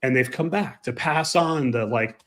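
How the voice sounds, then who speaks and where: A man co-hosting a casual podcast, telling emphatic, animated anecdotes about flying. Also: medium pitch, normal speed. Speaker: podcast co-host and pilot. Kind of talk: casual chat, storytelling.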